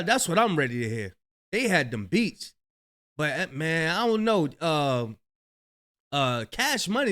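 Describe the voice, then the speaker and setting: A man with a voice pitched a little high runs casual commentary on clips. He talks loosely and chattily, drifts off mid-sentence and laughs easily. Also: a bit bright. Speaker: commentary host.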